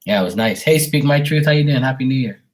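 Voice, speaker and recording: A man on a live stream at home, greeting viewers by name in a relaxed, affectionate way. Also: mid-range voice, quick pace. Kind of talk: casual live-stream chat.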